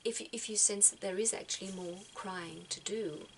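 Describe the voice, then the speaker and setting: A woman speaks gently and reflectively, often repeating words as she gathers her thoughts. Her voice sits in an ordinary middle pitch. A faint noise stays in the background. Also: normal speed, gravelly, low-quality recording. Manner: soft-spoken, repeats words as she thinks. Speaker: spiritual vlogger giving advice.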